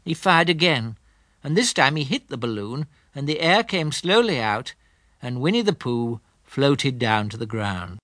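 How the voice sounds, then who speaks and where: A man reading a classic children's storybook aloud in a gentle, unhurried, expressive way. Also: mid-range voice, no echo, studio quality. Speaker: audiobook narrator.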